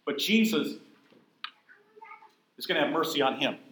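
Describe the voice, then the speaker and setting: A man's voice: a little high, lively intonation, moderate pace, fairly bright tone, reverberant, poor audio. Emphatic man teaching a Bible class. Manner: emphatic, asks the room questions.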